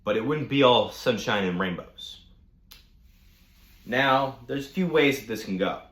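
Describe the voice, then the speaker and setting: Brief: casual male vlogger, mid pitch, mocking, profane, roomy echo. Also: expressive, a little slow, fairly bright tone. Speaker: storytime vlogger. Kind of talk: casual storytelling rant.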